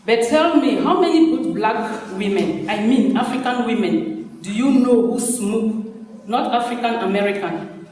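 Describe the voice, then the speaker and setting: A man's voice: very high-pitched, a little slow, a little mellow, distant mic, slight background noise. A man reading aloud as a proud young man who argues with rhetorical questions, in an echoey hall. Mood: teasing. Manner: indignant, rhetorical. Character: proud young African man, sharp-tongued.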